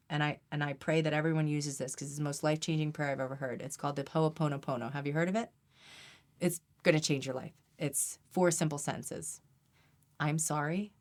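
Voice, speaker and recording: Woman guest, low voice, earnest and emphatic, conversational interview. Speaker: guest energy healer.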